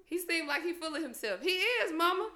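A woman's voice: very high voice, expressive, a little fast, bright, forceful tone, reverberant. A woman in casual chat, telling a story with lots of laughter, swearing and acted-out quotes.

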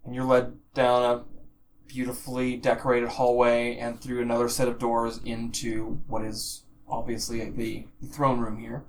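A man's voice: medium pitch, completely flat delivery, normal speed, a little hiss or hum. A man narrating as game master of a tabletop game, describing scenes with restarts and fillers.

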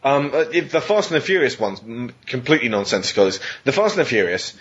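Animated sweary podcast host, husky voice. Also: male voice, mid-range voice, fast talker. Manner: animated, sweary, reads out rules. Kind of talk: casual chat. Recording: muffled lo-fi podcast audio.

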